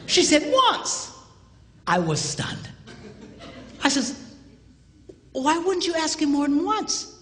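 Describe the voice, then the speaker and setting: A man's voice: very high-pitched, takes it slowly, long pauses, big-room sound, a little hiss or hum. A man preaching, a pastor telling a humorous story and acting out the dialogue. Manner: animated, acts out quoted dialogue, jokey.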